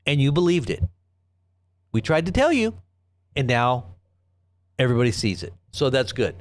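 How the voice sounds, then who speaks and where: A man's voice: mid-range voice, sing-song, moderate pace, long pauses. A middle-aged man hosting a live online news commentary show, talking in a sarcastic, rambling way and reading quotes aloud with mocking emphasis.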